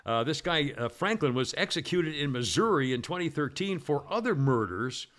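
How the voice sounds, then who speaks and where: Brief: male talk radio host, bright tone, a bit high, rambling delivery with many fillers. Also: expressive, normal speed. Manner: rambling, hesitant with many uhs and restarts. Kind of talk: casual talk radio, reading this-day-in-history items.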